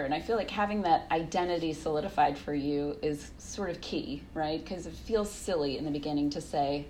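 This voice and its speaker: A woman in her thirties, a guest telling lively stories in casual conversation, laughing often and acting out quotes. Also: deep voice, normal speed, few pauses, slight background noise. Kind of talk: casual interview storytelling.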